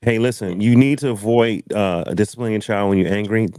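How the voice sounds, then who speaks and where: A man hosting a casual panel discussion, telling stories with laughter and animated asides. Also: lowish voice, brisk, clear, resonant tone, no echo, studio quality. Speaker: host.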